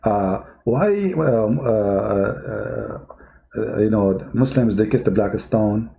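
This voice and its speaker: A man's voice: lowish voice, expressive, takes it slowly, creaky, mellow. A man with a strained voice, not a native English speaker, hosting a combative call-in debate and mocking his callers. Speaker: host of a call-in debate stream.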